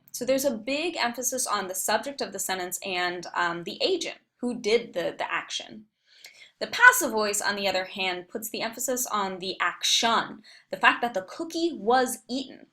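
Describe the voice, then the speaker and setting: A woman leading a recorded online writing workshop, explaining patiently and clearly with frequent fillers. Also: medium pitch, bright, forceful tone. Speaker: writing center instructor.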